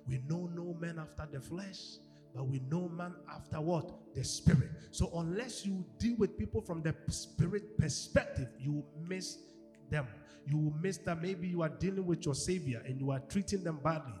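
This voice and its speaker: A male pastor preaching a sermon, animated, acting out quoted voices and swinging from shouts to hushed tones. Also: on the high side, moderate pace. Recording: echoey hall with music behind.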